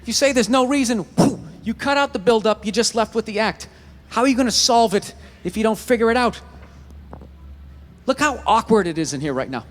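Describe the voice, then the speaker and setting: A man's voice: sits high, animated, brisk. A man doing a stand-up comedy set on stage in front of a live audience, telling a profane story that builds into ranting outbursts.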